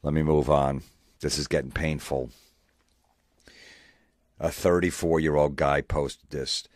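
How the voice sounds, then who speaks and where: A man's voice: very deep voice, steady tone, unhurried, no echo, clean studio sound. A male comedian ranting sarcastically, mocking and swearing. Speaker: comedian host. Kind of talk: comedic rant.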